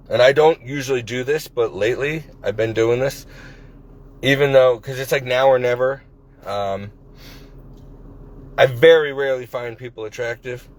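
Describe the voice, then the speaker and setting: A man in his forties talking in a casual personal vlog, rambling and hesitant with many restarts, recorded on a phone. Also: medium pitch. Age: 40s. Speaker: vlogger. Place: at his workplace.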